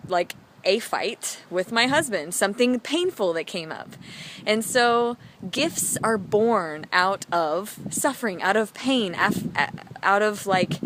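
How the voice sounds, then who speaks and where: A woman's voice: medium pitch, slight background noise. Chatty woman telling a personal story. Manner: chatty, animated, heavy use of "like" fillers. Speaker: vlogger.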